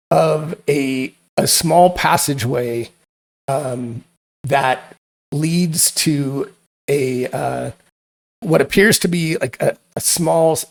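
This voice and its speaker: Slow, gravelly game master narrating. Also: male voice, on the high side, darkish tone. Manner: halting, repeats words while narrating.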